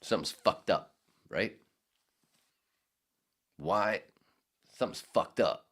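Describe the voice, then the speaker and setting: A man's voice: low-pitched, slow. A man in his fifties hosting a podcast, ranting in a profane, rambling way. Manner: profane, rambling, animated, acts out voices. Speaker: podcast host. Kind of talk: casual podcast rant.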